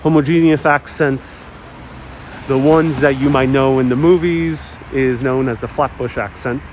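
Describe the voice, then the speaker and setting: A young man on a walking tour livestream talks easily at a middle pitch as he strolls outdoors. His voice is picked up by a clip-on mic, with faint traffic noise in the background of the street. He chats freely, pausing to answer his viewers. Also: fairly even intonation. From Queens, New York. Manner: reads viewer comments aloud and answers them. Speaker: live-stream walking tour host. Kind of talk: casual live-stream chat while walking. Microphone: wireless clip-on mic while walking.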